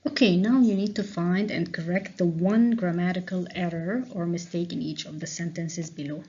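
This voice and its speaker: A woman teacher walks through revision answers, pausing to check understanding with a questioning "okay?". Her voice sits on the low side. The recording is muffled and lo-fi. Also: fairly even intonation, dark tone. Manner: explains slowly, frequent "okay?" checks. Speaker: English teacher. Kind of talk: revision lesson walkthrough. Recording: dull lo-fi recording.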